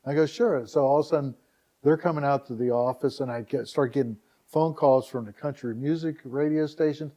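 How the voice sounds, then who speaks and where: Man, middle-aged, podcast guest, casual anecdote, quotes people back and forth, mellow tone, mid pitch. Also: brisk. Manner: lively anecdotal, acts out dialogue with "I go, he goes". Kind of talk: casual storytelling.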